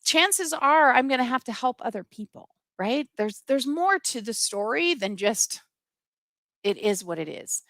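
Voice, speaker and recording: A middle-aged woman speaks straight to her online viewers in a bright, ringing voice. She is earnest and impassioned, reading out their comments. The sound is close and dry. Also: a little high, animated, unhurried, no echo. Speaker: livestream host. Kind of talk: live-streamed personal talk to viewers.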